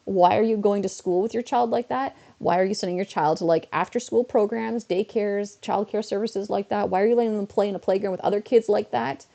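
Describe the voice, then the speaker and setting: A woman live-streaming from home, chatting loosely as she plays. Her voice is mellow and low in brightness, with a gravelly fry running under her words. She slides into exasperated rants and tosses off quick asides. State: a bit unwell. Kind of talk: casual live-stream chat while gaming.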